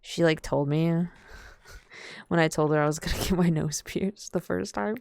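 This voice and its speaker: A woman's voice: sits low, steady tone, moderate pace, creaky, a little mellow, dry recording. A young adult woman streaming a game from home, rambling and swearing casually and laughing often as she chats to viewers. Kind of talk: casual gaming stream chat.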